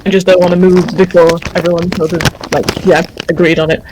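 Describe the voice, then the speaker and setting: A woman's voice: lowish voice, flat delivery, fairly quick, darkish tone, slight background noise, rough recording. A woman talking as a player in a casual tabletop role-play session, chatty and easygoing.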